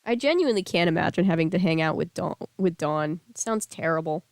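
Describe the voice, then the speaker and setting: A woman's voice: lowish voice, expressive, fairly quick, no echo. A woman streamer reading a novel aloud on stream, with casual asides and self-corrections.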